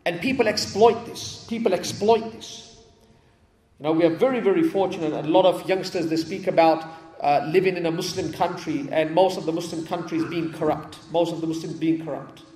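A man's voice: on the high side, steady tone, fairly quick, mellow. A man from England giving a storytelling sermon in a mosque hall, repeating key phrases for emphasis. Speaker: preacher. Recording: echoey hall with long reverb.

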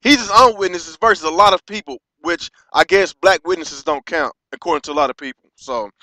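American man, impassioned vlog rant, high and bright voice, dry close sound. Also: no echo. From United States. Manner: impassioned, halting, with profanity and many restarts. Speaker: vlogger.

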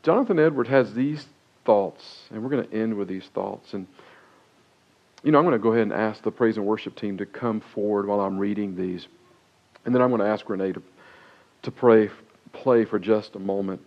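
A male pastor preaching a sermon, emphatic, with swings from loud, high exhortation down to quiet, low prayerful speech. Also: steady tone, normal speed, lo-fi sound. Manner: emphatic preaching with wide swings in pitch and loudness.

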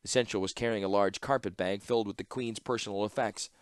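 A man narrating a fantasy story in audiobook style, steady and measured. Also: fairly low pitch, smooth, no room sound, clean studio sound.

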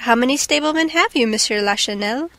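A woman's voice: a little high, a little fast, fairly bright tone, no echo. A woman voicing an irritable, blustering male opera manager in an audiobook. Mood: puzzled. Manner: explosive, exasperated.

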